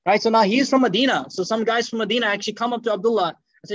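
A man giving an animated sermon, telling stories and acting out the people in them. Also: high-pitched, rapid-fire, few pauses, dry recording, low-quality recording. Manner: animated, acts out quotes in dropped voices. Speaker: Islamic lecturer. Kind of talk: lively sermon storytelling.

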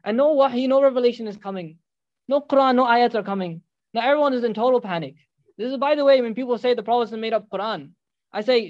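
A man preaching a sermon, animated and emphatic, telling a dramatic story. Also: very high voice, quick pace, no echo, lo-fi sound.

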